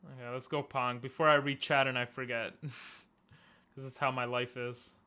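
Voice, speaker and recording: A man streaming a game live from his room, talking to himself in halting, frustrated bursts with frequent restarts and laughs. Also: medium pitch, little pitch movement, pushed and bright, smooth. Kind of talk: live gameplay commentary.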